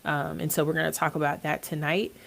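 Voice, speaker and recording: A woman's voice: low voice, level tone, a little fast, gravelly, a bit bright. A woman hosting a therapy podcast, congested from allergies, talking casually with frequent ums and uhs. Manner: hesitant, many ums and uhs.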